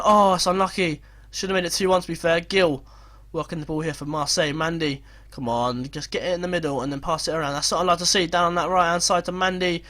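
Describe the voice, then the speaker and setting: A young man giving casual commentary over a football management game, swearing, mocking himself and breaking into excited outbursts. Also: fairly high pitch, fast talker. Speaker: gaming video creator.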